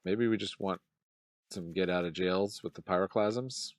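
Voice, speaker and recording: A man's voice: deep voice, moderate pace, dry recording. A man giving casual gameplay commentary as a channel host, muttering his thoughts aloud while he plays.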